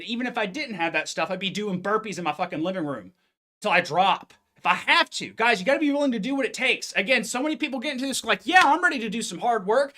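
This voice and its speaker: A man's voice: high-pitched, pushed and bright. A man, a fitness coach, giving a blunt, intense live-stream pep talk full of cursing, speaking into a phone.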